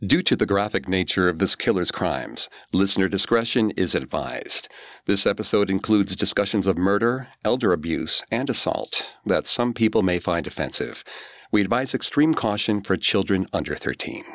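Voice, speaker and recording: A man hosting a podcast, reading scripted true-crime narration in a measured, grave way. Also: low-pitched, animated, fairly bright tone, dry recording, clean studio sound. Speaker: podcast host.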